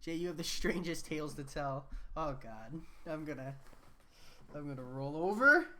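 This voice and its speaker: Low-voiced woman chatting on stream. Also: expressive, normal speed, sharp tone. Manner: chatty, laughs often, reads chat aloud. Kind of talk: casual live-stream chat.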